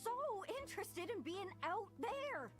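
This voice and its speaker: With heavily acted delivery over music, this woman voices an eager young traveler in a game, using a Newfoundland accent and folksy dialect. The character chatters, rambles, and keeps apologizing, all in a very high, very animated voice at an unhurried pace.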